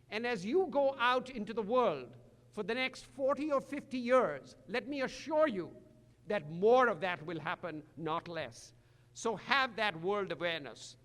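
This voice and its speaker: An older man from India, giving a commencement address with dry humor and slow emphatic phrasing. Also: high-pitched, a bit bright. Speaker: commencement speaker. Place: large hall. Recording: echoey hall.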